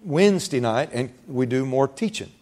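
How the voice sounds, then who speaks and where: A man's voice: mid-range voice, expressive, moderate pace, darkish tone. A man preaching a sermon as pastor, folksy, repeating words and rising for emphasis.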